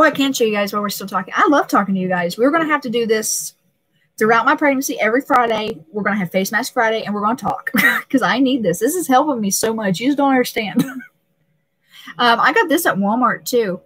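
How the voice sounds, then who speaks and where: A woman's voice: a little high, fairly bright tone, poor audio. A young pregnant woman hosting a casual live stream, talking emotionally and laughing often, with many restarts.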